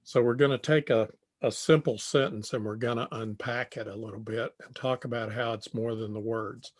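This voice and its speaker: An older man giving a tutorial lecture on communication, speaking deliberately and repeating phrases as he thinks. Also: mid-range voice, fairly even intonation. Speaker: tutorial presenter.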